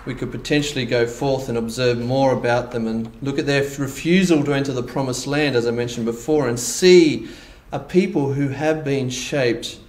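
A man preaching a conversational sermon, with animated asides in which he voices imagined reactions. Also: medium pitch, moderate pace, few pauses, echoey room, poor audio. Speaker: pastor. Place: church hall.

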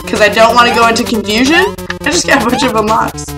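A woman's voice: on the high side, fast, poor audio. A young woman commenting on a platform game as she plays, yelping, laughing and swearing at it. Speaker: gaming video host. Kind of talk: let's play commentary. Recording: game music in background.

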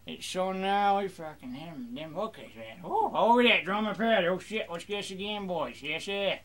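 A man's voice: sits high, animated, normal speed, fairly bright tone. A young man rambling crudely through casual gameplay commentary, joking in a mock pirate voice. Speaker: gamer.

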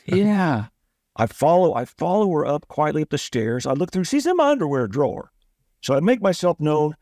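A man's voice: fairly high pitch, very animated, brisk, dark tone, no room sound, studio quality. A man telling a story as a guest on a podcast interview, acting out the voices of the people in it. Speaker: guest, author and coach.

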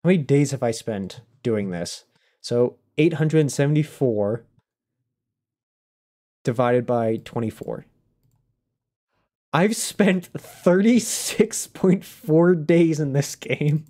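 A man's voice: fairly high pitch, expressive, slow, pauses often, dark tone. A young man streaming a video game, chatting casually in a rambling, self-conscious way. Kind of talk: casual livestream chat.

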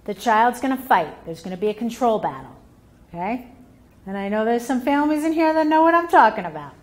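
A woman family therapist giving a workshop talk to parents, animated and acting out parent and child voices as she explains. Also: on the high side, brisk.

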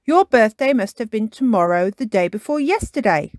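A patient young fellow, explaining things with earnest insistence in a raised, lively voice as a woman puts him on in a storybook. The sound is close and dry. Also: fairly high pitch, normal speed, no room sound, natural voice.

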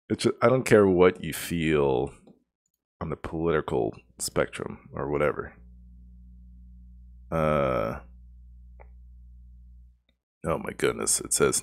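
A man's voice: rumbling low, vocal fry. A man, one of the channel's regular hosts, giving a rambling, exasperated casual review of a show episode and laughing often.

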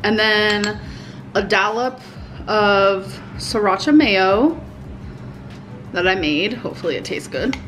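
A woman in her thirties chatting casually to her viewers at home, unhurried and full of "um" and "like". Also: medium pitch, fairly bright tone, faint music behind. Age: 30s. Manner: unhurried, chatty, many fillers like "um" and "like". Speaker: vlogger. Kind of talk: casual vlog chat.

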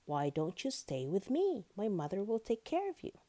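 A woman voicing an eager young female lamb in a storybook, with high, pleading questions. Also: huge pitch swings, normal speed, warm tone.

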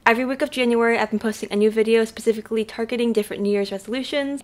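A woman's voice: a little high, fairly even intonation, very fast, hardly any pauses. A young woman casually talking to camera from her bedroom, chatty and upbeat, walking through items one by one. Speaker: lifestyle vlogger. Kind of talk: casual vlog talk to camera. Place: bedroom, sitting on her bed.

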